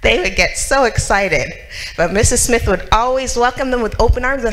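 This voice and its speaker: A woman's voice: on the high side, normal speed, a bit bright, rough recording. A woman telling a story to children in church, asking them questions and acting out the characters.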